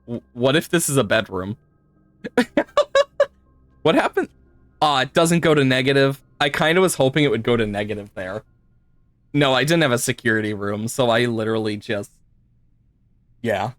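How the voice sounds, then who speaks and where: A man's voice: medium pitch, brisk, fairly bright tone, dry recording. A man streaming a puzzle game live, chatting to viewers, laughing often and swearing now and then. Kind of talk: live gameplay commentary.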